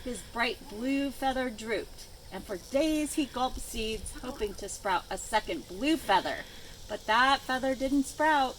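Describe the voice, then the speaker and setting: A woman librarian reading a picture book aloud to children outdoors by a chicken coop, with expressive storytelling. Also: fairly high pitch, measured pace, rough recording. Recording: outdoor noise with farm animals.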